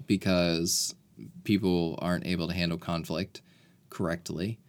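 Low-voiced man recapping a movie. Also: flat delivery, unhurried. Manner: rambling, self-correcting retelling. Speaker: podcast co-host. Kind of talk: casual movie recap chat.

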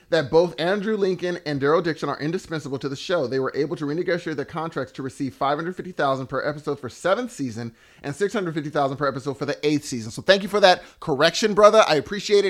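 Easygoing male podcast co-host, fairly high. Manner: easygoing, thanks listeners, self-mocking. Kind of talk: casual podcast chat.

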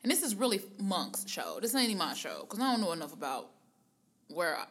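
A woman co-hosting a podcast, telling stories in a casual, animated way and acting out other people's lines. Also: lowish voice, a little fast. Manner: animated storytelling, laughing often and acting out quotes. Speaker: podcast co-host. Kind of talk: casual chat.

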